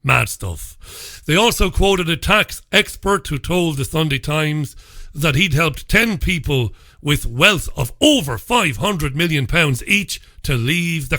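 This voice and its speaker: A man's voice: on the high side, bright, forceful tone, no room sound, clean studio sound. A man hosting a radio talk show, reviewing the papers alone in a blunt, sarcastic and mocking way, often laughing at his own stories. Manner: blunt and profane. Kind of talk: solo commentary reviewing newspapers.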